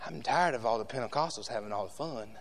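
A man preaching a sermon in a church with passion, shifting between loud shouts and hushed asides to the congregation. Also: medium pitch, quick pace, creaky, a little hiss or hum.

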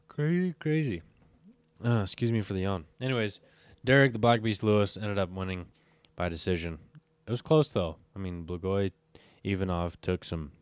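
Alone on the mic, a weary MMA recap host rambles through fighters' records, frequently pausing to double-check and fix his mistakes. He speaks in a low, clean voice with no echo.

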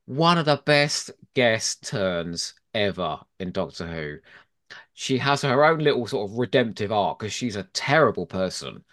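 A man talks in a casual podcast chat, eagerly making his case and opinionated throughout. His voice sits on the low side. Its pitch swings widely as he gets animated. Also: unhurried. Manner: opinionated, enthusiastic arguing. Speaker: podcast guest.

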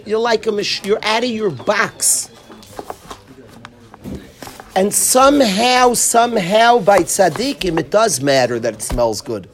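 A high-pitched rabbi leads a relaxed Torah class for students in a room. He tells stories with lots of energy, acts out the quotes, and laughs often.

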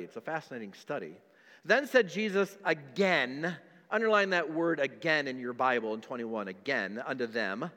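Emphatic male pastor preaching in a reverberant hall. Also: on the high side. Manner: emphatic preaching, repeats words, swings loud and soft. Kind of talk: sermon. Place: church sanctuary.

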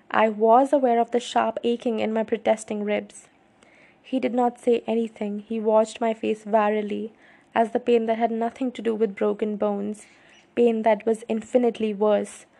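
Woman reading a novel aloud, first-person narration, slightly high, gravelly. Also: mellow. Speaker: audiobook reader.

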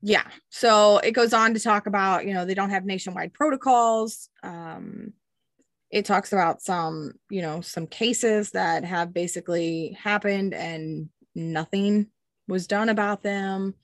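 A woman's voice: mid-range voice, a little slow, no echo. A young woman co-hosting a podcast in casual chat, talking with lots of "um"s and telling stories with animation. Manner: chatty, many "um"s, animated storytelling. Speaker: podcast co-host.

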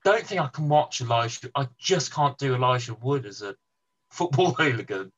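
Man, husky voice, lively pitch, casual podcast chat, hesitant. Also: normal speed, highs cut off. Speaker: podcast co-host.

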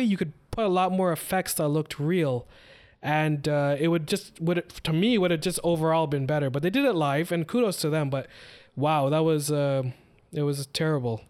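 A man co-hosting a casual podcast chat, rambling in a relaxed way with many fillers. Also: fairly high pitch. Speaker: podcast co-host.

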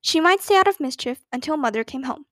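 A woman reading a children's book aloud in a gentle, expressive way. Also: sits high, fast, no echo. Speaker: storyteller.

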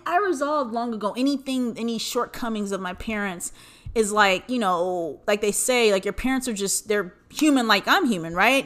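A woman's voice: on the high side, fairly bright tone. A young woman hosting her own podcast, talking casually and candidly with lots of profanity and joking asides. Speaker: podcast host. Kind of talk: casual solo podcast monologue.

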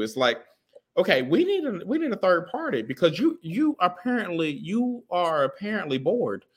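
Podcast co-host, male, crude and blunt, lively up-and-down voice, a bit high. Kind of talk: casual chat.

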